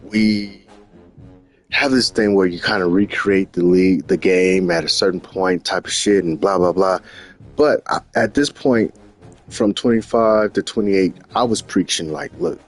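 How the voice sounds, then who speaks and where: A man casually recapping his video game season, animated and profane, often repeating himself. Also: sits low, measured pace, faint music behind. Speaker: gaming channel host.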